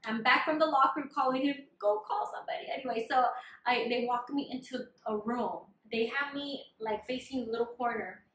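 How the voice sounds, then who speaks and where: A woman with a fairly high voice tells her story in close detail, chatty and often laughing. The sound comes from a roomy, echoey space. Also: fairly quick, fairly bright tone, a little hiss or hum. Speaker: vlogger sharing her surgery experience. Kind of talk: casual storytelling chat. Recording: echoey room.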